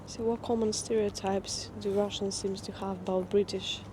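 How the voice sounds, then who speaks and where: A woman's voice: mid-range voice, little pitch movement, moderate pace, noisy background. A woman asking short, matter-of-fact interview questions outdoors.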